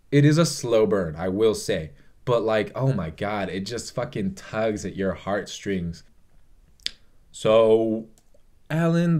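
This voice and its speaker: A man's voice: lowish voice, darkish tone. A young man vlogging a casual, emotional movie review, swearing often and rambling with fillers.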